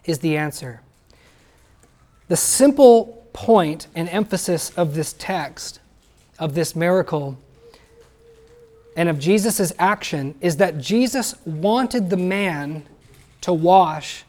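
A man's voice: sits high, a little mellow. A man preaching a sermon to his congregation, talking plainly and asking the listeners questions. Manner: conversational, asks the listeners questions. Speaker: pastor.

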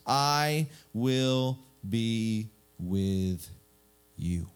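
A man voicing God, speaking slowly in a measured, solemn way. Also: fairly low pitch, lively intonation, clear, resonant tone. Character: God, calm and commanding.

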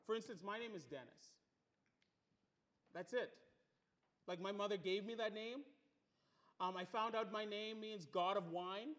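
A man's voice: sits high, bright, forceful tone. A male pastor preaching a sermon to a congregation, emphatic, building his points through repeated phrases. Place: church room with congregation.

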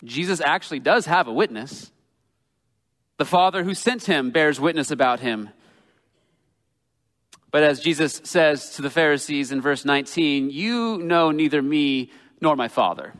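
Male preacher, slightly high voice, earnest and emphatic sermon delivery, long hall reverb. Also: expressive, a bit bright. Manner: earnest, emphatic, slows down for quoted scripture.

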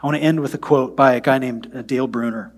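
A man preaching a sermon, moving between loud, emphatic passages and soft, near-whispered prayer. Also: mid-range voice, steady tone, fast talker. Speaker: pastor.

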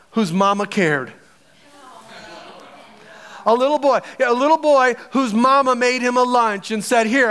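A male pastor preaching a sermon in an animated, conversational way, asking the congregation questions. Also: sits high.

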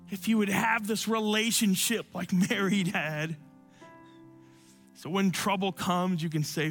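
A man preaching a sermon and telling a personal story, often dropping to soft, low tones for emphasis. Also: fairly even intonation, takes it slowly, faint music behind. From Cuban family. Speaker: pastor.

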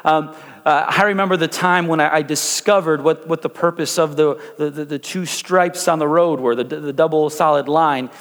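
A man's voice: fairly high pitch, steady tone, normal speed, a bit bright, long reverb tail. A young man preaching a sermon, telling a story with lots of restarts and fillers before building into preaching. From Chicago area. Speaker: pastor.

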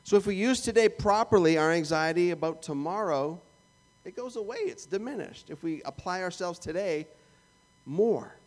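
Joking Canadian preacher, slightly high voice. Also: male voice, expressive, normal speed. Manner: conversational and jokey, acting out little prayers and asides. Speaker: pastor. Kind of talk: sermon.

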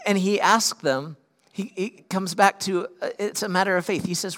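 A male pastor delivering a sermon in a slightly raised voice. He climbs to loud, urgent peaks and then sinks into quiet, earnest stretches. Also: high voice, moderate pace.

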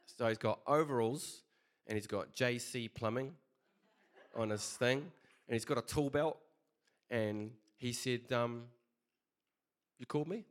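A man's voice: mid-range voice, measured pace, pauses often. A man preaching a casual sermon, chatty and conversational, telling a story with many fillers.

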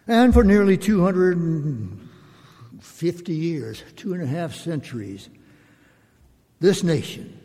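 Older male pastor, slow sermon, husky mellow voice, long church reverb. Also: fairly high pitch, big pitch swings. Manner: slow, reflective, measured delivery with drawn-out phrases. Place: church sanctuary.

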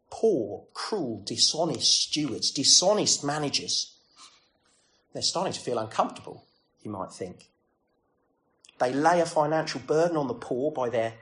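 A man's voice: medium pitch, a bit bright. A man preaching a sermon in a conversational way, full of rhetorical questions and self-deprecating asides.

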